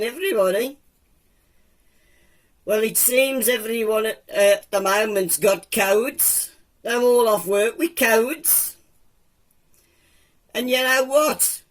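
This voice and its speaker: A woman's voice: medium pitch, close to an everyday voice. A woman voicing a grumbling male womble creature with a Black Country accent, talking in a drawling, moaning comic monologue.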